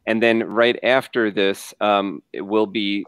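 A man hosting a casual chat about his comic, explaining plans with many pauses and ums. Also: fairly low pitch, fairly even intonation, a bit bright, smooth, no echo. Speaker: comic creator, host. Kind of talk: casual video call chat.

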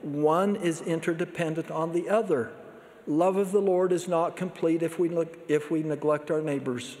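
A man's voice: fairly high pitch, steady tone, a little mellow. Earnest man preaching in a big hall. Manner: measured, earnest preaching delivery. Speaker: church leader giving a conference address. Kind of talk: sermon. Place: large conference hall. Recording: long reverb of a large hall.

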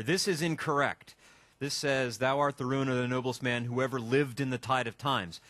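Animated man teaching a live workshop. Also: medium pitch, no room sound. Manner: joking, chatty, thinks aloud while typing. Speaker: instructor. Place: classroom with a live audience.

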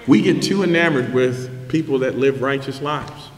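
A man preaching a sermon as pastor, emphatic and building to shouts, with call-and-response questions to the congregation. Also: mid-range voice, normal speed, few pauses. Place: church sanctuary. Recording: echoey hall reverb.

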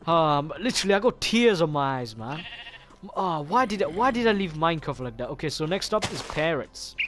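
A man giving casual gameplay commentary as a gaming YouTuber, excitable and swearing often as he reacts aloud to what he sees. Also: a little high, normal speed. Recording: game music clearly behind the voice.

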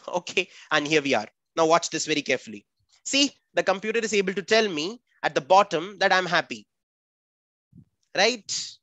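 A man's voice: fairly high pitch, sharp tone, no room sound. A man with an Indian English accent teaching a live online coding class for children, upbeat and chatty, calling on students by name.

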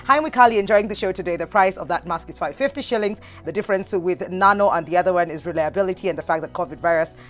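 A woman with a Kenyan accent hosting a lively TV talk show, reading out viewer messages and winners. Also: lowish voice, fast talker, hardly any pauses, faint music behind. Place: TV studio.

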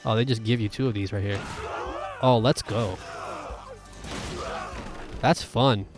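A man's voice: on the low side, steady tone, unhurried, music in the background. Male game host, casual commentary, jokey and exclamatory.

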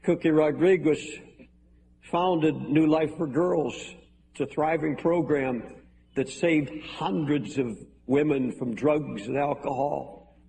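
Older male preacher, earnest, pleading, slightly high voice, echoey hall, faint hiss. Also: takes it slowly, creaky, warm tone. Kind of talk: sermon. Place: large hall with balcony.

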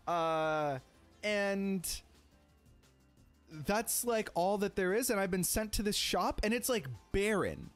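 A young man streamer telling a story casually, rambling and animated, with lots of "like" fillers and the odd swear. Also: high-pitched, slow pace, faint music behind.

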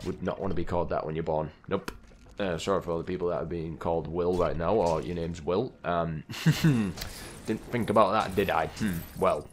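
A young man casually commentating his video game play, chatty and quick to get exasperated at the characters on screen. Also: sits low, fairly even intonation, slight background noise. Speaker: gaming channel host.

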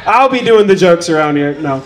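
A man's voice: fairly high pitch, animated, fairly quick. A man doing provocative stand-up on a comedy club stage, with a mock-apologetic manner.

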